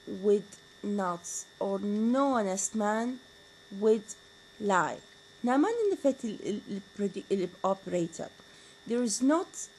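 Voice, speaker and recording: A woman whose first language is Arabic gives a university lecture on grammar, her medium-pitched voice darkish in tone. The audio is poor with slight background noise, and she switches between English and Arabic while posing rhetorical questions.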